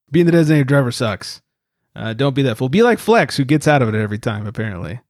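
A man's voice: medium pitch, animated, fast talker, darkish tone, dry recording, clean studio sound. A man hosting a casual beer podcast, joking around and reading out short news stories. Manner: jokey, reads news stories aloud. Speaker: podcast host. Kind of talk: casual chat.

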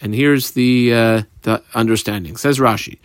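A man's mid-range voice, clear and resonant, carries a daf yomi class at a moderate pace with fairly even intonation. He reads the Aramaic aloud, translates it as he proceeds, uses plenty of fillers, and describes the marks and underlines on his page; the recording is dry and studio quality.

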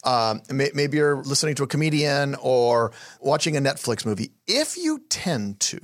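A man's voice: mid-range voice, very animated, moderate pace. A man co-hosting a podcast who explains ideas in casual conversation and often answers his co-host with short "yeah"s. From Colorado, USA. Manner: explanatory, affirming with frequent "yeah".

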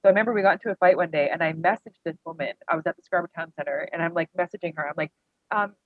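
A woman's voice: lowish voice, racing, no echo. A woman in an interview, candidly telling personal stories in a rambling way full of "like". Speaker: guest. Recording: dry tinny phone-like line.

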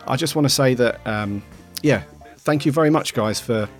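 A man hosting a podcast, talking in a relaxed, friendly way and thanking listeners. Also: mid-range voice, normal speed, faint music behind. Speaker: podcast host and founder. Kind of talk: casual chat.

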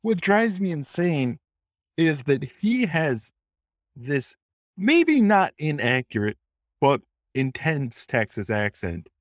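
A man's voice: on the high side, big pitch swings, takes it slowly, dry recording, clean studio sound. A man from the American South co-hosting a casual movie review podcast, rambling and sometimes losing his train of thought. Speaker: podcast co-host.

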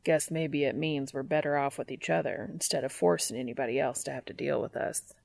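A woman reading fan fiction aloud and voicing a guarded, teasing young man in a low, hushed, wry tone. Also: steady tone, a little fast, creaky, dry recording.

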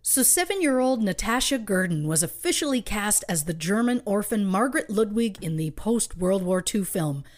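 A woman co-hosting a podcast, telling a true crime story from her research with wry asides and light laughs. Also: medium pitch. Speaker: podcast co-host.

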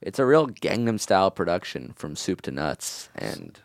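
A man guesting on a comedy podcast, delivering absurd jokes in a deadpan, mumbling way. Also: low-pitched, moderate pace, creaky, dry recording, clean studio sound. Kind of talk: casual comedic chat.

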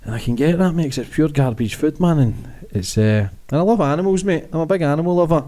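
Mellow Scottish man, quick talker. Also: on the high side, animated. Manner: earnest, sweary, says mate a lot. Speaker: podcast host. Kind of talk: casual podcast chat.

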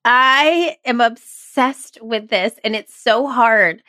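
A woman's voice: fairly high pitch, takes it slowly, pushed and bright, smooth, no room sound. A woman hosting a podcast interview, who asks questions in an enthusiastic, effusive way. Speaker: podcast host.

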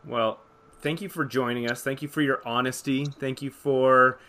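A man's voice: mid-range voice, fairly even intonation, moderate pace, sharp tone. A man co-hosting an interview, speaking in a friendly, appreciative way as he wraps up. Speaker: co-host. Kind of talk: casual interview wrap-up.

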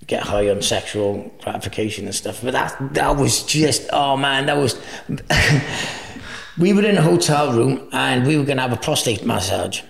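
A man's voice: lowish voice, vocal fry. A man as an interview guest, telling crude travel anecdotes with frequent laughter. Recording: echoey room.

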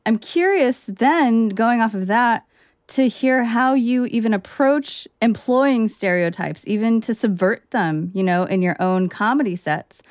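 A woman hosting a podcast, asking thoughtful, measured interview questions. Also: on the high side, lively intonation, dry recording, clean studio sound. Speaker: podcast host.

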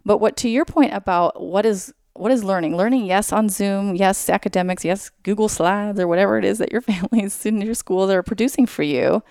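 A woman being interviewed as a school psychologist, talking casually and brightly, explaining ideas through everyday examples, with many "like"s and "you know"s. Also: mid-range voice, fairly quick, few pauses, no echo, clean studio sound.

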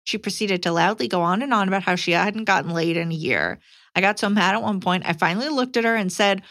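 A woman co-hosting a casual podcast, reading a listener letter aloud with lively emphasis. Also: mid-range voice, quick pace, dry recording, clean studio sound.

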